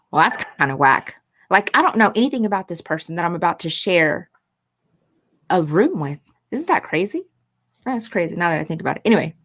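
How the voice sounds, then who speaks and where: A woman co-hosting a casual chat, telling a story in an animated way and acting out the people in it. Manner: animated, swings pitch when quoting people. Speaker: podcast co-host.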